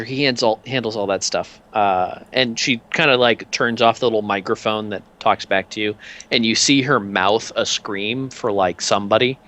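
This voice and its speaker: Low-voiced man running a tabletop game. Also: normal speed, bright, forceful tone. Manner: loose, full of fillers. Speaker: game master.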